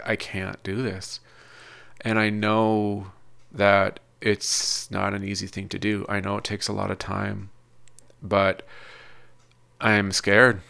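A man talking through his own struggles in a hesitant, halting personal monologue, often pausing and restarting as he searches for words. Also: on the low side, creaky, bright, forceful tone, clear, resonant tone.

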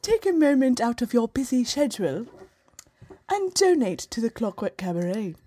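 A woman's voice: fairly high pitch, very animated, moderate pace. Woman putting on a sultry posh British lady. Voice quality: quiet and sultry. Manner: genteel, overly polite appeal. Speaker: podcast host.

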